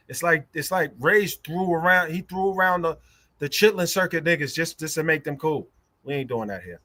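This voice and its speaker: On his casual livestream, a young adult male host goes on a heated, profane rant that keeps circling back on itself. He speaks with a sharp tone at a fairly high pitch, in a dry recording.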